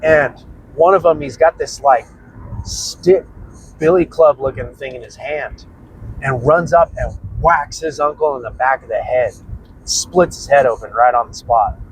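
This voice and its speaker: A man's voice: mid-range voice, measured pace, noisy background. A young man casually telling a personal story, rambling and swearing freely as he goes. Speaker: prepping channel host.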